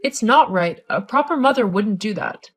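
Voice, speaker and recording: A woman's voice: medium pitch, animated, normal speed, lightly acted. A woman voicing a condescending older mother-in-law who nags and scolds in a scripted story. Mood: scolding. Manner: condescending, nagging.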